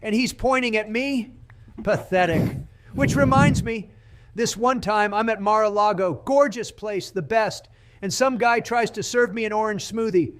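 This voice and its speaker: A man's voice: high-pitched, moderate pace, lightly acted. A man putting on a boastful, blustering male politician impression, bragging and throwing insults while playing a game. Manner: bragging, insulting, repetitive superlatives. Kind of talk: comedic gameplay voice impression.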